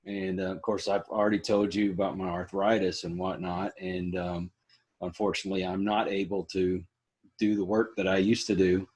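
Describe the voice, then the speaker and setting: Husky, low-voiced man. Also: little pitch movement, normal speed, a little mellow. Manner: folksy, joking. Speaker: podcast host. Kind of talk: casual interview chat.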